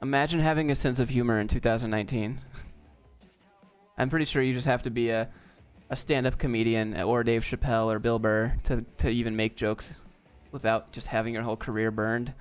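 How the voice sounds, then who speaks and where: Laid-back man with a smooth voice. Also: mid-range voice, steady tone, fairly quick, faint music behind. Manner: laid-back, joking, off-the-cuff. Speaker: streamer answering viewer chat. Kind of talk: casual live chat Q&A.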